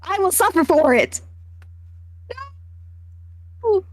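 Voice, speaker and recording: A woman's voice: very high voice, lively intonation, slow pace. A woman co-hosting a podcast in casual chat, teasing and blunt as she recaps a film. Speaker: podcast co-host.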